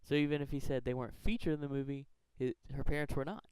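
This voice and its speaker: Earnest rambling man, crisp dry voice. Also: medium pitch, steady tone, fast talker, darkish tone, dry recording, rough recording. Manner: rambling, self-correcting, earnest. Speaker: fan theory video maker. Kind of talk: casual countdown commentary.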